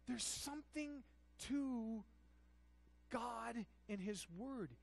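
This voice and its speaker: A pastor preaching a sermon, moving between hushed, quiet passages and shouted, impassioned ones. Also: medium pitch, expressive, very slow, vocal fry, low-quality recording.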